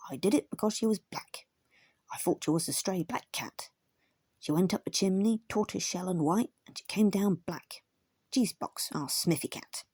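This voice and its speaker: A woman voicing a cheerful, chatty male terrier blacksmith in a storybook reading, brisk and merry. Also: lowish voice, dark tone, husky, dry recording.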